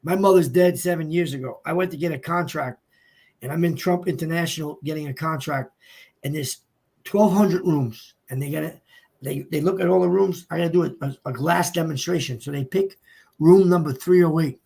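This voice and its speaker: A man's voice: a little high, brisk, creaky, dark tone, breathy edge. A man from New Jersey, a guest speaker, telling a personal story in an emotional, choked-up, emphatic way.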